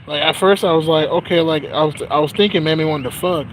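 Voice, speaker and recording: A man's voice: a little high, a little fast, slight background noise, rough recording. A man telling a story in a rambling, profane, casual rant full of filler phrases, speaking outdoors on a street. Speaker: vlogger.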